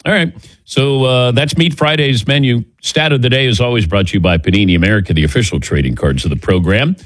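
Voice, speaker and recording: A man's voice: mid-range voice, fast talker, dry recording. A man hosting a morning sports talk show, joking with his crew and reading sponsor plugs in a casual studio chat. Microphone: studio mic.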